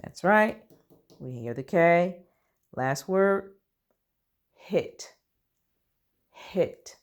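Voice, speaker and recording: A woman teaching a recorded early-grade reading lesson, slow and deliberate, encouraging the children. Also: on the low side, expressive.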